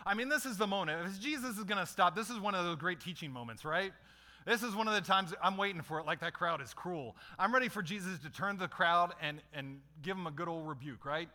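A man's voice: sits high, lively intonation, a little fast, sharp tone. A middle-aged man preaching a conversational sermon as a pastor, putting questions to his listeners.

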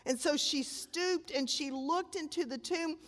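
An older woman preaching a sermon, telling the story dramatically and with emphasis, swelling loud and dropping to a hush. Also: sits high, measured pace. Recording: long hall reverb.

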